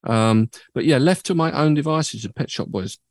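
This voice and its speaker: A man's voice: medium pitch, normal speed, no echo, studio quality. A man hosting a radio music show, chatting casually and rambling through anecdotes with lots of fillers. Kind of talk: casual chat.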